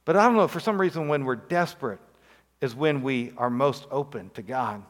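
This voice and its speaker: A man preaching a sermon as a pastor, earnest, rising high on pleading lines and dropping soft and low on key phrases. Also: expressive, normal speed, big-room sound.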